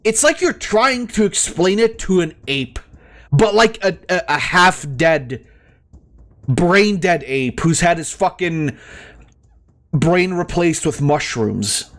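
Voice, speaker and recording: A man's voice: high voice, lively intonation, slow, fairly bright tone. A man ranting heatedly in casual talk while playing a game, swearing often and stumbling over his words. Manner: exasperated, heated, heavy swearing; stammering restarts. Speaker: gaming streamer.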